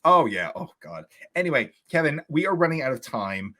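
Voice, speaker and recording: A man's voice: on the high side, sing-song, fairly quick, background noise. A man from Long Island co-hosting a podcast, telling stories animatedly in casual chat and swearing freely. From Long Island, New York. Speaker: podcast co-host.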